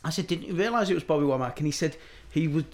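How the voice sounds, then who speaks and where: A man's voice: a little high, expressive, very fast, darkish tone. A middle-aged man telling anecdotes in casual chat, acting out the voices of people he quotes.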